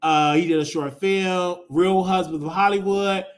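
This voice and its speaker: High-voiced expressive male show host. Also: unhurried. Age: 30s. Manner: emotional, expressive, swings into loud exclamations. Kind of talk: casual commentary show.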